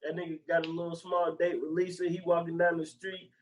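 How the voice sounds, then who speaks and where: A young man co-hosting a podcast, casually retelling movie scenes with a lot of swearing and bursts of loud, high character voices. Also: fairly quick, poor audio. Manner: animated, profane, jumps into loud high-pitched character voices. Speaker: podcast co-host.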